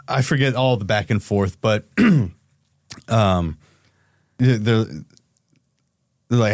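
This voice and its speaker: Philly man, low voice, dry close mic, profane storyteller type. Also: darkish tone, dry recording. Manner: swears freely, acts out quotes with raised pitch. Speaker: private investigator guest. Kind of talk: casual storytelling interview.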